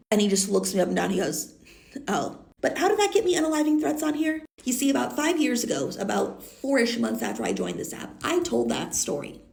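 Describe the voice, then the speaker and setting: Gravelly-voiced woman with a stuffy nose. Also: medium pitch, darkish tone. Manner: chatty, blunt, swears freely. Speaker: content creator. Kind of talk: casual storytime vlog. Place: indoors, green-screen setup.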